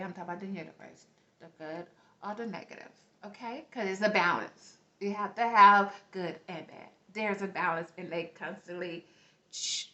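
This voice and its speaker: A woman's voice: on the low side, pushed and bright. A woman giving casual spiritual teaching to her viewers. She talks in an earnest way, repeats herself, and often checks in with "okay?", and she has a light accent. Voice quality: light accent, self-noted. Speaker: spiritual vlogger. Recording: roomy, dull lo-fi recording.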